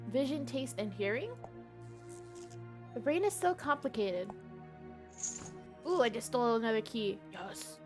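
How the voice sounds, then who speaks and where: A woman's voice: a little high, animated, a little slow, long pauses, music in the background. A woman streaming a game live, chatting casually and reading game text aloud.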